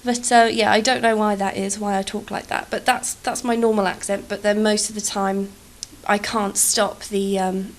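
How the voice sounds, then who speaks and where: A woman's voice: mid-range voice, little pitch movement, moderate pace. A young English woman with an accent that slides between posh and Cockney, chatting casually over gameplay in a rambling, self-deprecating way and swearing freely. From England. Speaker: YouTuber.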